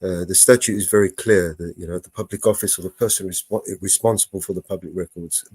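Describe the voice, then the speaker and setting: A husky man pressing his case on a phone call. He keeps restarting his sentences, halting yet insistent. The sound is dry and close. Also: low voice, fairly even intonation, a little mellow, no room sound. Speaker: records requester.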